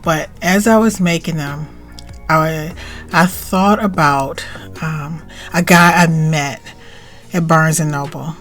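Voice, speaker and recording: A middle-aged woman hosting her own channel, telling a personal story in a rambling, chatty way that keeps interrupting itself. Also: low voice. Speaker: channel host. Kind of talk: casual storytelling to camera.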